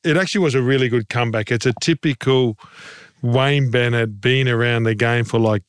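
A man's voice: mid-range voice, a little fast, clear, resonant tone, no echo, clean studio sound. Blunt man talking footy. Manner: blunt, passionate, folksy. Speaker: podcast co-host, former rugby league player. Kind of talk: casual sports chat. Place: podcast studio.

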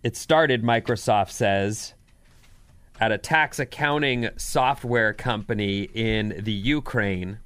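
A man's voice: on the low side, slow pace, a bit bright, clear, resonant tone, no echo. A man co-hosting a morning radio show, reading listener texts and news items in an easygoing way.

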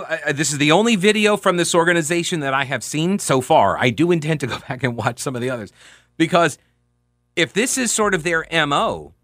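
A male radio talk host speaks in an emphatic, conversational manner, walking listeners through events with obvious relish. His voice is bright and forceful, set a little high, and it sounds dry and close to the mic. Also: dry recording.

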